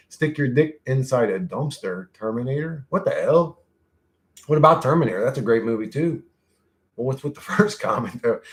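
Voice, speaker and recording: A man casually chatting on a livestream, reading chat aloud, laughing often and swearing freely as he jumps from topic to topic. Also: medium pitch. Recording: roomy echo.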